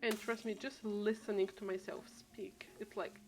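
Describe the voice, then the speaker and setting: A woman's voice: medium pitch, normal speed, over music. Rambling woman streamer chatting while playing. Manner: rambling, chatty, thinks aloud with many restarts. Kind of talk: casual gameplay chat. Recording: steady background noise.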